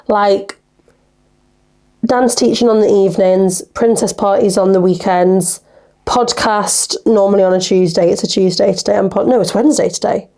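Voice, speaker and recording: Chatty young woman with gravelly fry. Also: medium pitch, a little mellow. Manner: chatty, rambling storyteller, acts out conversations. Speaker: podcast host. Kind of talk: casual solo podcast chat.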